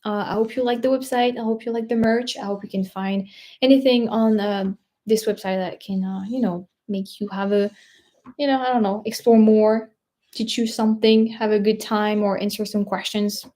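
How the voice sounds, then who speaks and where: A woman's voice: mid-range voice, steady tone, moderate pace, mellow. A French woman with a French accent hosting a casual livestream, rambling, searching for words and laughing often. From France. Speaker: vlogger host.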